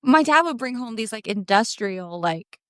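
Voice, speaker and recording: A woman co-hosting a podcast, telling a family story in an animated, casual way with lots of fillers. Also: a little high, normal speed, clear, resonant tone, dry recording, studio quality. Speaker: podcast co-host.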